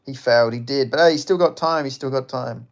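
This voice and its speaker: Aussie streamer, male, mid-pitched, casual chat host, swears freely, jokey, laughs a lot. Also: brisk. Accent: Australian. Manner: loose and joking, swears often, laughs between lines. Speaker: livestream host. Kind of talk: casual livestream chat, reading viewer comments.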